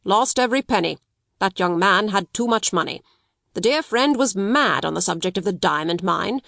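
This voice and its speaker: A woman's voice: medium pitch, lively intonation, normal speed, vocal fry, fairly bright tone, dry recording, studio quality. A woman reading a storybook voices a shrewd male solicitor who speaks brusquely and with disapproval. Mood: brusque, blunt. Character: curt, shrewd male solicitor, dry little man.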